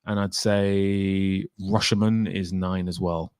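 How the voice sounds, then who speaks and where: A young man hosts a casual livestream, chatting away, giving his opinions, and reading viewer comments aloud as he answers their questions. His voice sits low with a darkish, smooth tone, and he speaks slowly and flatly. The recording is clean studio sound with no room echo.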